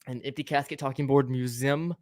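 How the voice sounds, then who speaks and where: A young man hosts a casual livestream podcast, joking with his audience and stumbling over names. His voice sits at a middle pitch and sounds dry and close to the mic. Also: steady tone, fairly quick, a little mellow, no room sound. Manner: playful, laughs often, stumbles over words. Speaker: podcast host.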